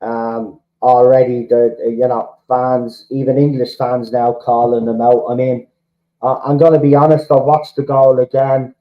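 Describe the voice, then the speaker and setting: A man's voice: mid-range voice, flat delivery, normal speed, highs cut off. An Irish man from the Republic of Ireland hosting a fan livestream, ranting heatedly and swearing, often repeating himself. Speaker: fan channel host. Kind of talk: livestream rant to chat.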